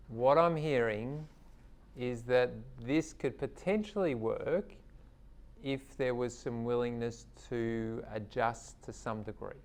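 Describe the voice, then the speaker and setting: A man leading a mediation demonstration, calm and steering with reflective questions. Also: medium pitch, slow.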